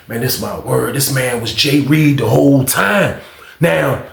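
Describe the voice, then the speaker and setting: Man, storyteller, gravelly and fairly high voice, animated and profane, recorded with a roomy echo. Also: a little slow. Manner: animated, profane, talks straight to viewers. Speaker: storyteller, channel host. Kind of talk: casual prison storytime.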